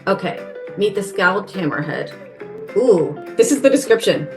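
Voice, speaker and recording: Female podcast co-host, mid pitch, earnest and talkative, soft guitar underneath. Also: lively intonation, normal speed. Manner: earnest and chatty, thinks aloud. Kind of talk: casual chat.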